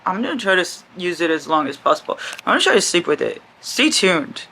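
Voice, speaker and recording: A young woman with a lilt chats excitedly about books at home at night. Her voice sits a little low for a woman. She gushes, swears freely and talks like she is catching up with a friend. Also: quick pace, slight background noise. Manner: animated, gushing, swears freely. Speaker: book vlogger. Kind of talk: casual book vlog chat.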